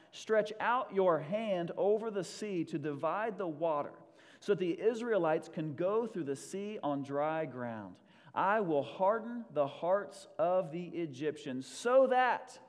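Man, pastor preaching, slightly high voice, loud then hushed, long church-hall reverb. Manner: animated, swings from loud rallying to quiet and intimate. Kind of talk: sermon.

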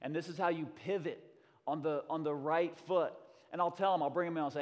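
A man preaching a sermon in a church, an energetic storyteller who mixes jokes into his message. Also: fairly high pitch, brisk. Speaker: pastor. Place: church sanctuary. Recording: long reverb of a church hall.

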